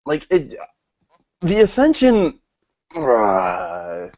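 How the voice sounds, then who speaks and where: A man's voice: mid-range voice, wildly swooping pitch, extremely slow, a little mellow, lo-fi sound. A man casually co-hosting a wrestling review, blunt and profane in his opinions. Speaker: podcast co-host.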